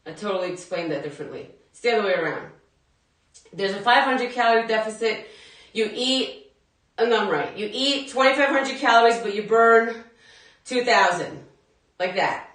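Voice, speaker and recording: A woman's voice: mid-range voice, lively intonation, normal speed, fairly bright tone. Chatty woman fitness instructor, echoey room. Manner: chatty, laughs often, talks straight to viewers. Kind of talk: live workout class chat. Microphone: phone at a distance. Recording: echoey room, phone mic far off.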